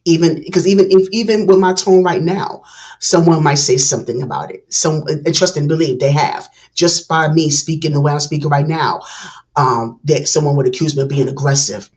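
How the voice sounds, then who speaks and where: A woman's voice: low-pitched, normal speed, a little mellow, low-quality recording. Passionate woman giving commentary. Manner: passionate, talks it through with restarts. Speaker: reaction video host. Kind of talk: casual commentary on a skit.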